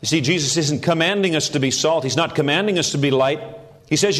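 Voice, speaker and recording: A man's voice: on the high side, fast talker, a bit bright. A middle-aged man, a pastor, preaching a sermon with earnest emphasis that rises on key phrases.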